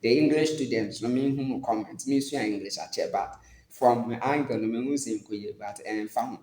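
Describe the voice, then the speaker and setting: A man's voice: mid-range voice, normal speed, darkish tone, reverberant, low-quality recording. A man with a Ghanaian accent giving casual reaction commentary, switching between Twi and English and often restarting his phrases.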